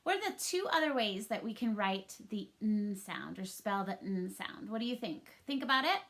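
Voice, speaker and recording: A woman's voice: medium pitch, very animated, moderate pace, a bit bright. A young woman teaching a recorded phonics lesson to young children at home, upbeat and patient, talking straight to the kids.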